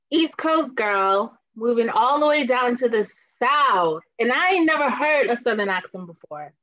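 Woman in her 30s from Boston, guest chatting, lively tale-teller, slightly hoarse, a bit high, muffled lo-fi recording. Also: a little slow. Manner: animated storyteller, laughs often. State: slightly hoarse, clearing throat. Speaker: podcast guest. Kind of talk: casual chat.

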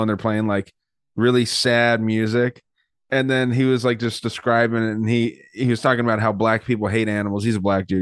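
Low-voiced man rambling casually. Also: clear, resonant tone, dry recording, studio quality. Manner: rambling, profane, filler-heavy retelling. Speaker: podcast co-host. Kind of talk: casual chat.

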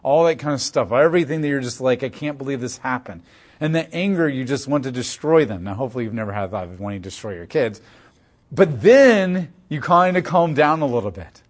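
A man's voice: medium pitch, lively intonation, a little fast. Casual-sounding man teaching scripture. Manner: reads scripture aloud, then paraphrases it in casual everyday terms. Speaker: Bible teacher. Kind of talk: verse-by-verse Bible teaching.

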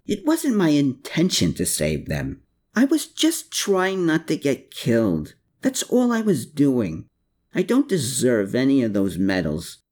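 A man's voice: medium pitch, huge pitch swings, a little slow, darkish tone. A man reading an audiobook voices a shaken young war veteran who speaks earnestly and pleadingly. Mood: haunted, earnest. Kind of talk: audiobook character voice.

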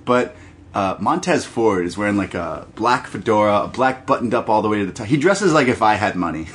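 A man co-hosting a casual wrestling podcast, talking in an animated, profane way and acting out quotes in silly voices. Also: on the low side, moderate pace. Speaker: podcast co-host.

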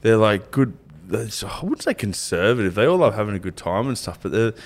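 A man's voice: on the low side, very animated, a little fast. A man on a podcast, telling a rowdy family story with lots of laughter and swearing. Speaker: podcast co-host. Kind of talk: casual storytelling chat. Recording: faint background noise.

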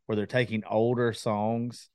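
A man's voice: fairly low pitch, level tone, a little slow, darkish tone, clean tone, no room sound. Male podcast host, casual storyteller, dry close sound. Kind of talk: casual chat.

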